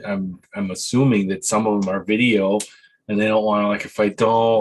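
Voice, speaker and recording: A man's voice: on the low side, level tone, normal speed, darkish tone, slight background noise. A man co-hosting a casual arcade podcast, rambling and trailing off into laughs. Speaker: podcast host. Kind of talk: casual chat.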